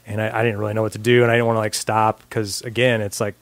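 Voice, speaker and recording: A man co-hosting a podcast, telling a story in relaxed casual chat with lots of fillers and restarts. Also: fairly low pitch, fast talker, no room sound, clean studio sound. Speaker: podcast co-host.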